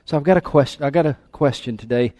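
A man's voice: mid-range voice, fast talker, dark tone, no room sound, studio quality. A male pastor preaching a sermon with emphasis, calling out questions to his congregation. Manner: emphatic, calls for congregation response. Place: church sanctuary.

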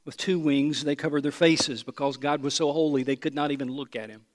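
A male pastor preaching a sermon, swinging from loud proclamation to soft, intimate asides. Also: fairly high pitch, steady tone, fairly quick, in a large hall.

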